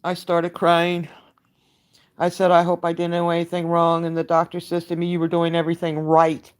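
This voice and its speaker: An older woman giving a halting, emotionally worn-out live update, greeting her viewers by name and using many fillers. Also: lowish voice, monotone, clear, resonant tone. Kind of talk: live-stream chat update.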